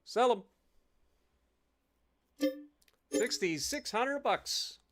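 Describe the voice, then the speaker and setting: A man's voice: very high voice, expressive, drawn-out words, background noise. A man casually commenting on his own gameplay as he streams, chatty and talking to himself as he plays. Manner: chatty, talks to himself while playing. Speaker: gaming streamer.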